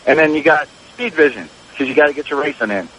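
A man's voice: on the high side, quick pace, a bit bright, slight background noise, low-quality recording. Laid-back male radio caller. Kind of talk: casual call-in chat.

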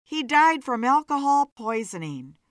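A woman's voice: high voice, sing-song, unhurried, dry recording, clean studio sound. A woman voicing a blunt, wry female bartender.

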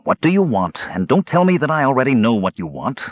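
A dry, aloof young mage, as a man voices him, curt and cool in every line. The tone is husky and breathy, recorded dry with a dull lo-fi sound. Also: mid-range voice, big pitch swings, a little fast, dry recording, pitched above the performer's own voice.

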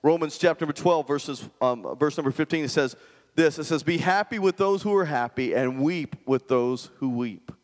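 Male pastor, conversational sermon, slightly high voice, long hall reverb. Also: moderate pace. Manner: conversational preaching, asks the congregation questions.

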